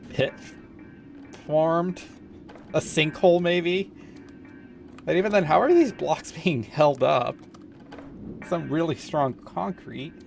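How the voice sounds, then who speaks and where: A man's voice: a little high, vocal fry, darkish tone. A man streaming a game, musing and rambling in casual commentary, chuckling now and then.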